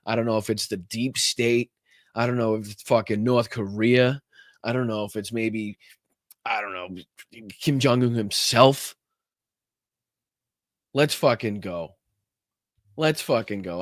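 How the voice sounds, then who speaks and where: A man's voice: mid-range voice, a little slow, long pauses, a bit bright, no room sound, studio quality. A man from Massachusetts, hosting a casual livestream podcast and rambling in a profane, joking way. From Massachusetts, USA. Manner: profane, rambling, joking about his tech troubles. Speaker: political podcast host.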